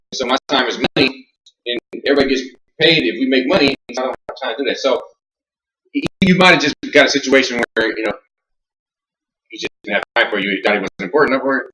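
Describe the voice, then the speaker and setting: A man lectures a law class in an echoey classroom. He talks loosely and conversationally, stumbling over repeated words and firing questions at the students. His pitch sits in an ordinary middle range. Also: a bit bright. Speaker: law instructor and attorney.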